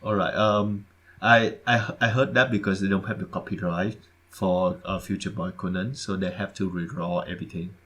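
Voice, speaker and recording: Man, podcast co-host, deep voice, halting and repetitive delivery. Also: steady tone, a bit bright. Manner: hesitant, repeats words, halting phrasing. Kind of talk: casual podcast chat.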